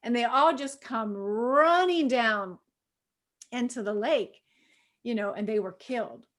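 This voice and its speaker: A middle-aged woman with a slightly high voice leads a women's Bible study in easy, conversational teaching. She fills her talk with "you know" and breaks into sudden loud bursts when she acts out a scene. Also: slow.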